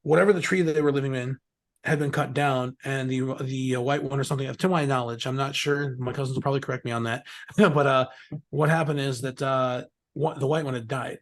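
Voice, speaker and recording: A man's voice: medium pitch, fairly even intonation, brisk. A middle-aged man telling stories in a rambling, casual way as an interview guest, swearing freely and laughing often. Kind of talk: casual storytelling.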